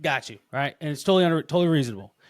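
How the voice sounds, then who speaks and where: A man hosting a casual podcast interview, telling rambling, animated stories with lots of restarts. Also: on the high side, rapid-fire, no echo, clean studio sound. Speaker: podcast host.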